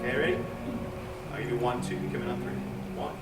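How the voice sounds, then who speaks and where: A choir director counts in beats and coaches with jokes during rehearsal, speaking quickly in a mid-range, level voice. He's captured by a distant room mic in a large, echoey rehearsal room, with loud choir singing behind him.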